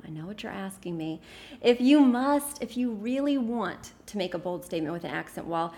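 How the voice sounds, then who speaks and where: A woman's voice: medium pitch, darkish tone. Woman hosting a podcast, playful and emphatic, talks from her office. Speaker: interior design podcast host. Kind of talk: casual advice podcast.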